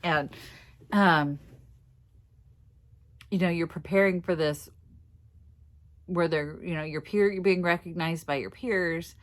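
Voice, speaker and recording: A woman's voice: on the low side, takes it slowly, pauses often. A middle-aged woman from Minnesota talking casually to her vlog viewers, emotional and tearful, laughing through it. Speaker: vlogger.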